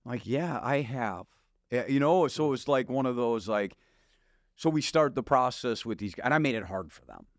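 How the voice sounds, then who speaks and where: A man's voice: mid-range voice, moderate pace, dry recording. A middle-aged pastor from Wisconsin tells his story with a voice that swings up and down. He laughs easily and acts out the people in it. The sound is dry and close. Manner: animated, laughs often, acts out dialogue. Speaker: guest pastor. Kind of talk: storytelling testimony.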